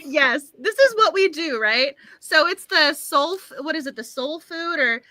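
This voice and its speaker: A woman hosting a cozy book club livestream, gushing and excitable, laughing often. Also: high voice, unhurried, no room sound. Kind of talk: casual livestream chat.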